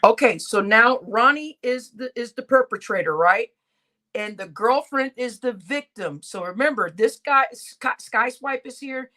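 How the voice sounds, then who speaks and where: Rambling woman streamer with a higher voice. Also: lively intonation, measured pace, pushed and bright. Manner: rambling, stumbling restarts, blunt exclamations. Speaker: reaction stream host. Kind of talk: casual commentary on a played recording.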